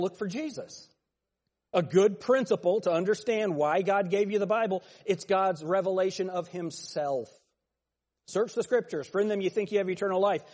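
A man's voice: a little high, darkish tone. A man teaching a Bible class, talking conversationally, joking and calling on students by name. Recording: long hall reverb.

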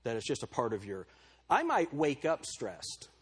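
A man preaching in a husky, slightly breathy voice, talking with his church congregation. He is candid and self-deprecating, and he calls out people by name as if chatting with them. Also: medium pitch, huge pitch swings, normal speed. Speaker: pastor. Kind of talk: sermon. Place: church service before a congregation.

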